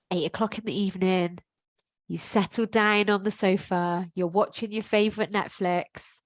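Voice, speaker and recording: A woman's voice: mid-range voice, no echo. A middle-aged woman, a life coach, giving a frank, emphatic motivational talk to camera with some casual swearing.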